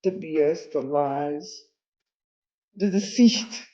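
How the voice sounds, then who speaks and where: A woman's voice: low-pitched, takes it slowly, mellow, reverberant, dull audio. A woman livestreaming, venting in a casual, exasperated way with lots of fillers.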